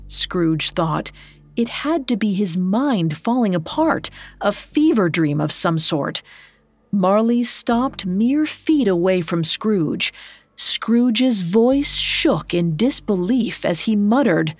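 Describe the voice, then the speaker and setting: A woman narrating a scripted ghost story in a measured, atmospheric way. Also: medium pitch, expressive, no echo. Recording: soft background music.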